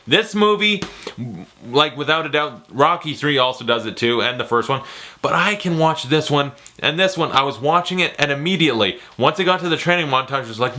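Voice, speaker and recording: A man giving a casual, jokey movie ranking, excitable and profane. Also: medium pitch, brisk. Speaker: movie reviewer.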